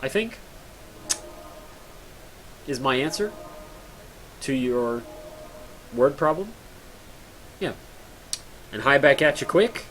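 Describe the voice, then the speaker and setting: A man's voice: mid-range voice, expressive, slow, pauses often, a bit bright. A tired young man chatting casually and self-mockingly to viewers while streaming a game, rambling and joking at himself. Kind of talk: casual live-stream chat.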